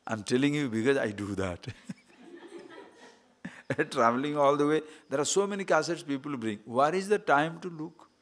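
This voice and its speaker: A man's voice: on the high side, a little slow, pauses often, fairly bright tone. A man giving a spiritual discourse as a swami, asking rhetorical questions and acting out quoted voices. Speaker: swami teaching scripture.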